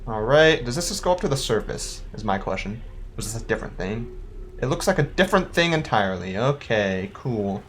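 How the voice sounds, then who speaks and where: This young let's-play gamer rambles through the game, thinking aloud and second-guessing each step. The voice rises and falls in a lively, animated way, with a quick laugh never far off. A faint hum of noise sits under the speech. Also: medium pitch. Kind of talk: casual gameplay commentary.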